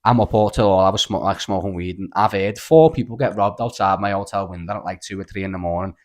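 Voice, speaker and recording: A young Scouse man with a slightly low voice holds forth on a casual podcast. He tells his stories in an animated way and swears freely. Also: fast. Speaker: podcast co-host. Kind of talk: casual storytelling chat.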